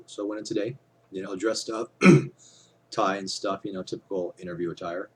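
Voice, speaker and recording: A man's voice: lowish voice, steady tone, moderate pace, long pauses, slight background noise. A man talking casually to his camera, rambling with lots of fillers and casual swearing. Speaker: vlogger.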